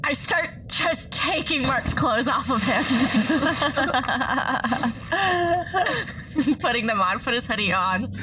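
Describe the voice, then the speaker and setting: A woman's voice: high-pitched, expressive, extremely slow, long pauses, noisy background. A woman playing in a tabletop role-playing game, chatting casually and often laughing at herself. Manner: laughing, self-deprecating. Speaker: player.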